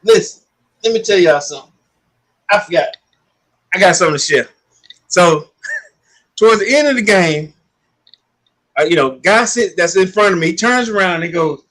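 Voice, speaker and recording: A man's voice: sits high, a little fast. A man co-hosting a casual sports podcast, telling stories with lots of laughs and acted-out voices. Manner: animated storyteller, acts out voices, laughs often. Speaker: podcast co-host.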